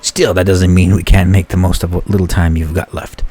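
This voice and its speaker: A man's voice: low voice, flat delivery, fairly quick, dark tone, close to an everyday voice. A man voicing a gloating male monster captain who taunts his prisoners while reading game dialogue aloud. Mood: taunting. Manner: taunting, mock-cheerful threats.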